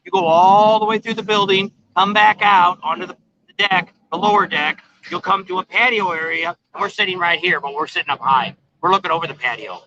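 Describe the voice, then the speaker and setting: A middle-aged man rambles in a folksy, easygoing way to his livestream viewers from an outdoor patio. His voice is bright and sits a little high. The phone stream sounds dull and lo-fi. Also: a little fast, a little hiss or hum. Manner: rambling, folksy, many fillers. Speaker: vlog host. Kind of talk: casual livestream chat.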